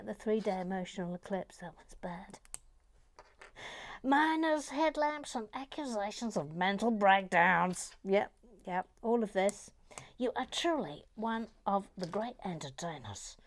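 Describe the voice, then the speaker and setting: Chatty woman muttering while she builds. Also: a little high. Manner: chatty, self-mocking, reads out viewer messages. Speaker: host of a brick-building channel. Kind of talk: casual building vlog chat.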